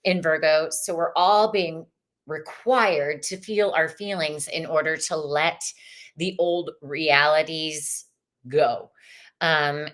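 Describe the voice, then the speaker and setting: A woman hosting a livestreamed tarot reading, chatty and expressive, greeting viewers in the chat as she pulls cards. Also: deep voice. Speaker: tarot reader.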